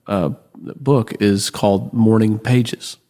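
A man's voice: lowish voice, steady tone, takes it slowly, mellow. A man in a casual faith conversation, explaining ideas in a reflective, thoughtful way.

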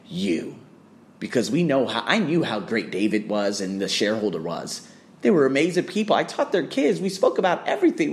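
A man's voice: fairly low pitch, slight background noise. A man ranting bluntly to camera about business, swearing often and firing off rhetorical questions. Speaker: fitness trainer.

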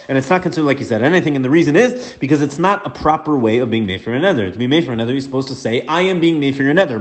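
A man giving a Talmud lesson, explaining the text quickly and mixing English with Hebrew and Aramaic terms. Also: on the high side. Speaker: Talmud teacher. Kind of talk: daf yomi Gemara lesson. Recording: echoey room.

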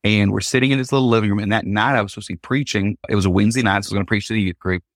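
A man's voice: fairly low pitch, very fast, no room sound, studio quality. A man, a guest on a podcast, telling a personal story and acting out the people in it. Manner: animated, acts out quotes in the story. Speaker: podcast guest, Christian singer.

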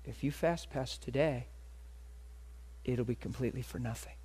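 A gentle yet firm fatherly God speaks in a hushed, even tone, as a male preacher voices him in a sermon. The voice sits in a middle male register. It stays calm and measured, with no raised edges. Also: medium pitch, breathy edge.

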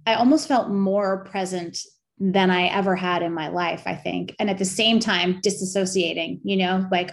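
Thoughtful, halting middle-aged woman. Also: mid-range voice, fairly even intonation. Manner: thoughtful, halting, with frequent restarts and soft laughs. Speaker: interview guest, actress and memoir author. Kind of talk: reflective conversational interview.

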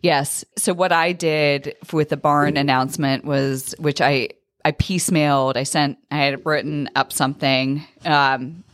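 Woman co-host, low voice, dry close sound, hesitant talker who restarts her sentences. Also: steady tone, dry recording. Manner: halting, restarts sentences often. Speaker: podcast co-host. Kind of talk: casual chat.

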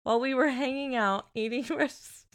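A woman's voice: high-pitched, normal speed, clean tone, no room sound, studio quality. A woman co-hosting a podcast, reading a listener's story aloud and breaking into laughter as she goes. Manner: laughs often, breaks up mid-sentence while reading. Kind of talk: casual chat and story reading.

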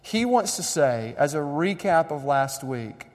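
A young adult man preaching a sermon in a conversational, animated way, building up emphasis. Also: fairly high pitch, measured pace. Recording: long reverb of a large hall.

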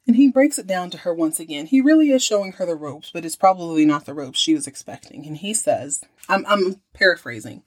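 A woman's voice: lowish voice, expressive, fairly quick, few pauses. A woman hosting a podcast, recapping an episode in a chatty, slangy, amused way. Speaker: podcast host.

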